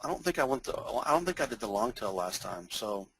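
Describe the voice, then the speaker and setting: A man with a North Texas accent giving a casual, rambling screen-share demo of software as a webinar presenter. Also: mid-range voice, sing-song, a little fast, slightly rough, no room sound, low-quality recording. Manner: folksy, rambling, chuckles often.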